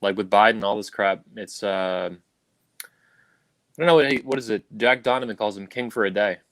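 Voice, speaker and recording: On a video call stream, a male livestream host launches into a heated, profane political rant, angry and emphatic. His voice is lowish and fairly bright, his pace moderate, and the recording dry.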